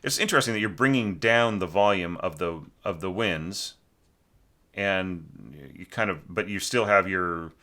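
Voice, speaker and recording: A man's voice: low-pitched, unhurried, bright, forceful tone. A man teaching orchestration, talking through a student's score in a loose, chatty way, with many fillers and snatches of sung phrases. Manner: chatty, full of fillers, sings phrases to illustrate. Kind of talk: informal spoken critique of a score.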